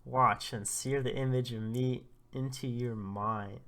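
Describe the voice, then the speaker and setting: A man's voice: steady tone, measured pace, bright, forceful tone. A man voicing a fierce, stoic young warrior who speaks curtly and firmly, read from a comic. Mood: proud. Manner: curt, firm, low-key.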